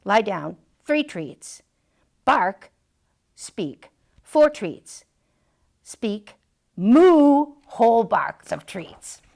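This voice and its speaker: A self-assured male dog advice columnist from a storybook, read out by a woman, confident and wry. Slow, deliberate delivery with a gravelly edge. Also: medium pitch, big pitch swings, heavily acted. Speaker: storytime reader. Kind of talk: reading a picture book aloud.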